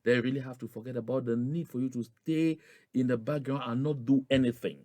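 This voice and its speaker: A man's voice: mid-range voice, a little fast, warm tone, no room sound. A man from gives a rallying political address to his followers, with emphatic, repetitive oratory that climbs on stressed phrases. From Southern Cameroons (Anglophone Cameroon).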